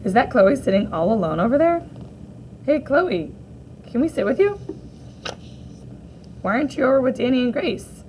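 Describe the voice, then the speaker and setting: A woman teacher reading a graphic novel aloud for children, gently voicing each character in turn. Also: fairly high pitch, very animated, moderate pace, pauses often, slight background noise, poor audio.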